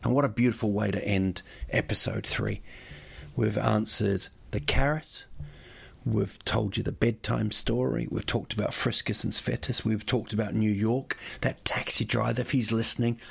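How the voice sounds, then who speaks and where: A man's voice: fairly low pitch, steady tone, moderate pace, gravelly, slightly rough, no echo. A man hosting a solo podcast, rambling through listener questions with jokey, playful asides. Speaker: podcast host. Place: lives in Sweden.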